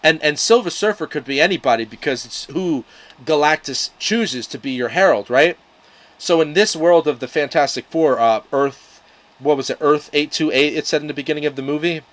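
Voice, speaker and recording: A young man rambling in a casual vlog, full of fillers, restarts and the odd swear word. His voice sits a little high for a man. He sounds a touch out of breath. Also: normal speed, a bit bright, low-quality recording. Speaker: YouTube comics reviewer.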